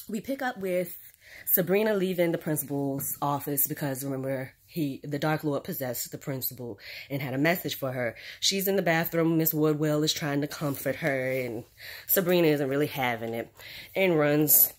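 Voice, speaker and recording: A woman, casually recapping a series on her channel, rambling with fillers and asides. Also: deep voice. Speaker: channel host reviewing a series.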